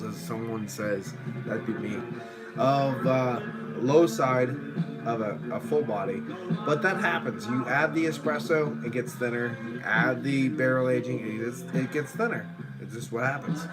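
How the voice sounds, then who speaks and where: A man casually reviewing a beer on a live stream at home, rambling, swearing, and now and then breaking into shouts at viewers. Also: medium pitch, rough recording.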